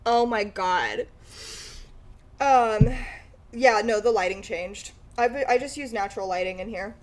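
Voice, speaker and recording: A woman's voice: mid-range voice, a little slow. A woman chatting casually with her stream viewers and breaking into frequent laughing fits. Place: room lit by natural light.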